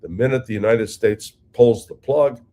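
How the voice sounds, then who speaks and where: A man's voice: mid-range voice, moderate pace, dark tone. A man giving blunt political commentary as a guest analyst, repeating words and using many fillers.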